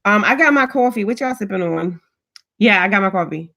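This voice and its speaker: A woman's voice: mid-range voice, expressive, brisk, creaky, sharp tone. Chatty woman vlogger greeting live viewers. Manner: chatty, greets viewers by name, frequent restarts. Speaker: vlogger hosting a live stream. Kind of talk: casual livestream chat.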